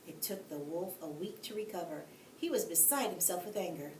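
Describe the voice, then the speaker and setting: A woman teacher reading a bedtime story aloud, expressive, with friendly asides to young listeners. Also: lowish voice, moderate pace, few pauses, a loud crowd. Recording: echoey room, distant mic, faint hiss.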